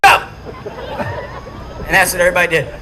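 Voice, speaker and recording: A man's voice: high voice, brisk, crowd noise, background noise. A man giving a storytelling speech to a dinner audience, acting out the quotes as he goes. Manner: animated storyteller who acts out quotes. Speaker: speaker at a charity dinner.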